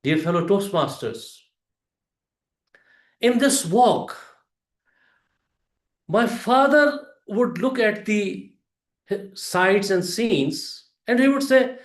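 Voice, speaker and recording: A man giving a prepared storytelling speech to a club audience, with a deliberate delivery, pauses and emphatic rises. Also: high voice, lively intonation, reverberant.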